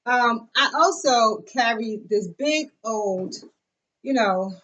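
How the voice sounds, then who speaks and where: A woman's voice: fairly high pitch, animated, slow, fairly bright tone, dull audio. A young adult woman talking casually on camera, chatty and effusive, with lots of fillers and asides as she shows off a bag. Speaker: vlogger. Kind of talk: casual show-and-tell chat.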